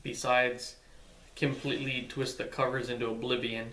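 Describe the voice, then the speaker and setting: A man in his twenties answering questions in a relaxed, hesitant way, with short replies and frequent "um"s, during a casual couple vlog. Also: mid-range voice, moderate pace, distant mic. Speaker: vlog guest, husband. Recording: echoey room, away from the mic, faint hiss.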